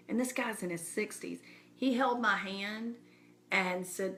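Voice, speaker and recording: A woman talks straight to her online audience in a casual, heartfelt way. Her voice is bright and forward at a mid pitch. She keeps encouraging her listeners as if they were in the room with her. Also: unhurried, slight background noise. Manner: earnest, encouraging, speaks straight to viewers. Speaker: speaker addressing her community. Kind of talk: casual live-stream address.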